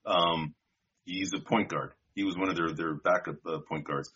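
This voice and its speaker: Husky low-voiced man, casual podcast talk. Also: steady tone, normal speed, pushed and bright. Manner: loose, rambling, calls partner dude and bro. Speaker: podcast co-host. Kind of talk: casual draft-pick chat. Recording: dull lo-fi sound.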